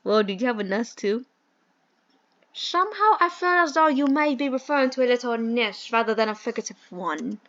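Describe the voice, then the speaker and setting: A woman's voice: mid-range voice, a little fast, dull audio, voice pushed down, lightly acted. A woman voicing a laid-back, cheeky talking phone. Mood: deadpan. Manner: casual, deadpan, cheeky.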